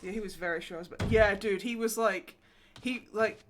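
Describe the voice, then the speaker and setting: A woman's voice: medium pitch, normal speed, a little hiss or hum. A young woman hosting a livestream, chatting casually while she plays, telling stories with lots of swearing and laughter. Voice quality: sweary, laughing, animated storyteller. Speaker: livestream host. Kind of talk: casual chat while gaming.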